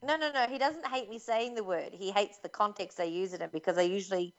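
A woman's voice: medium pitch, fast talker, muffled recording. A woman with a New Zealand accent co-hosting a podcast, talking frankly and laughing a lot. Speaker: podcast co-host. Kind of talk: casual chat.

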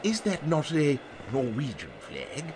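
A man's voice: on the high side, huge pitch swings, unhurried, noisy background, pitched below the performer's own voice. A man voicing a cheery expedition member who makes puns. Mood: earnest.

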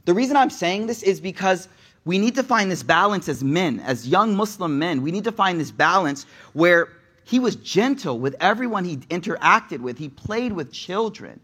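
High-voiced young man preaching. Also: moderate pace, husky. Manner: animated, digressive storyteller who talks straight to the audience. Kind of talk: casual sermon.

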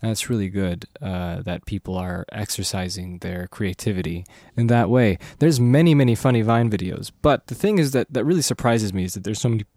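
A man's voice: fairly low pitch, a little fast, hardly any pauses, dark tone, no echo, studio quality. A young man hosting a podcast, rambling casually and correcting himself with lots of fillers. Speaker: podcast host.

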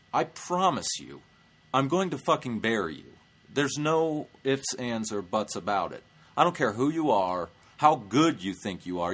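A man's voice: mid-range voice, a bit bright. A male stand-up comedian hosting his show, telling a story in a brash, profane way. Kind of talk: comic storytelling vlog.

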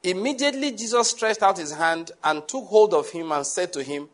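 A male preacher, delivering a lively sermon and asking his congregation questions. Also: high-pitched, normal speed, few pauses. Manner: animated, rises to shouts, asks the congregation questions.

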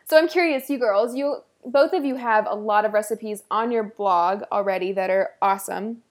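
A woman hosting a podcast interview, upbeat and quick to laugh as she asks questions. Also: mid-range voice. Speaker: podcast host. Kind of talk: casual interview.

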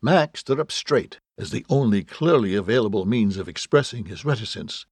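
A man narrating an audiobook with wry, deadpan storytelling and a gravelly, husky voice. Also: on the low side, normal speed, no room sound. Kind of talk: scripted narration.

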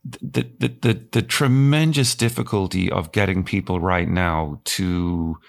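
A man hosting an interview who talks in an animated, halting way, stopping and restarting his sentences. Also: deep voice, gravelly. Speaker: podcast host, professor. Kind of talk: conversational interview.

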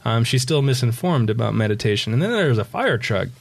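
A man presenting a children's book in conversation, describing its pages, laughing easily and guiding slow breathing. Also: medium pitch, creaky, breathy edge. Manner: relaxed, laughs often, guides breathing. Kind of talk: reading a picture book aloud in a conversation.

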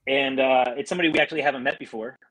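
A man's voice: medium pitch, steady tone, racing, fairly bright tone, poor audio. A man co-hosting a podcast, telling a story with playful mock complaints. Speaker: podcast co-host. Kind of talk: casual chat.

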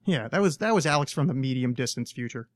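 A man's voice: mid-range voice, expressive, quick pace, dry recording. A man hosting a podcast, chatting casually in a rambling, profane, self-mocking way. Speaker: podcast host. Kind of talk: casual chat.

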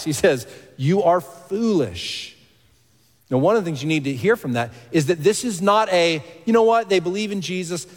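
A man preaching a sermon as pastor, emphatic, rising to loud exclamations and dropping to hushed asides. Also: high voice. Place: church hall. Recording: long reverb of a large hall.

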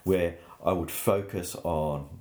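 A man, a painter, telling anecdotes in an animated way during an interview. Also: low voice, slow pace. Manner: anecdotal, animated storytelling with laughs.

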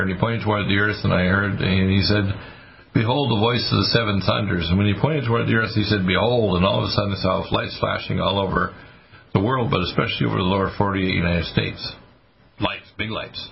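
Gravelly, intense man on talk radio. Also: on the low side. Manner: intense, preachy and apocalyptic. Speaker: radio talk show host. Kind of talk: rambling talk radio monologue. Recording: muffled lo-fi radio broadcast.

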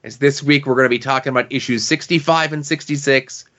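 A man's voice: mid-range voice, steady tone, quick pace, fairly bright tone. A man with a mid-range voice plugs his podcast in a wry, self-deprecating way. He co-hosts a casual chat show. The audio is dull and lo-fi. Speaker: podcast co-host.

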